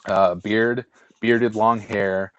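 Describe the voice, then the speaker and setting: A fairly low-pitched man draws out his words while rambling through a long casual story as a podcast co-host, with many restarts, fillers, and animated retellings. The recording is both dry and muffled.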